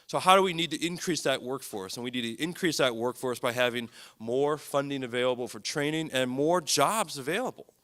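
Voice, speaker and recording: A man's voice: mid-range voice, a little fast, hardly any pauses, a bit bright. A man, a psychiatrist, giving an earnest, emphatic public talk to an audience, stressing his points by repeating them. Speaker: psychiatrist speaking at a lecture event.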